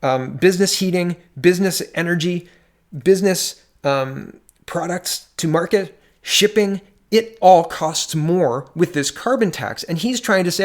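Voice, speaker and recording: A man giving indignant, sarcastic commentary on politics, reading out articles and breaking in with his own remarks. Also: high voice. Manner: indignant, sarcastic, fast-shifting emphasis.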